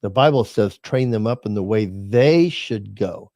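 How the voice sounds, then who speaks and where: Low, mellow-voiced older man storyteller. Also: lively intonation, unhurried, no room sound, studio quality. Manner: storytelling, folksy, repeats words. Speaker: podcast co-host. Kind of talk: casual chat.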